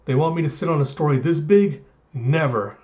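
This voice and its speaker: A man voicing a loud, greedy bird-man newspaper boss with brash, showy boasting, on a dull lo-fi recording. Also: fairly high pitch, fairly quick, natural voice.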